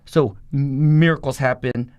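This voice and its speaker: A man's voice: medium pitch, fairly even intonation, darkish tone, smooth, no echo. A man, a former gang member, giving a blunt and profane personal testimony in a conversation. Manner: blunt, profane, rapid storytelling.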